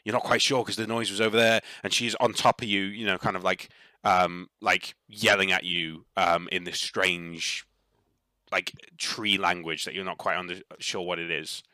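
A man's voice: sits low, level tone, moderate pace, pushed and bright, no echo. A man narrating a tabletop role-playing game as game master, in a loose, rambling way full of fillers.

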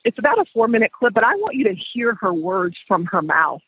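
A man's voice: high-pitched, lively intonation, a little fast, husky, no echo. A man hosting a podcast, telling a story in a conversational way and repeating phrases for emphasis. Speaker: podcast host. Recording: dry, phone-like sound.

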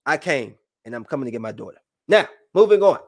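A young man venting to his viewers in a heated, rambling monologue that swings between low brooding and loud outbursts. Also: very animated, quick pace. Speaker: vlogger.

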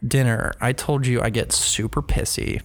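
A man co-hosting a podcast in casual chat, with vocal fry and a rambling, self-mocking sarcastic manner. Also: mid-range voice, fairly even intonation, normal speed. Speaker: podcast co-host.

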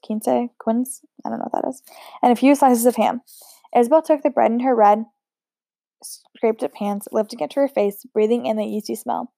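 A woman reads a novel aloud, with the odd stumble and restart. Her voice is fairly high and mellow. The recording is dry and close. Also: no room sound. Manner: unpolished, with slips and restarts. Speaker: amateur reader.

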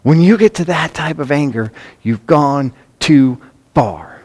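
Emphatic male preacher, fairly high voice. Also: lively intonation, measured pace, darkish tone, slightly rough. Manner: emphatic preaching with repeated words and anecdotes. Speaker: pastor. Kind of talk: sermon.

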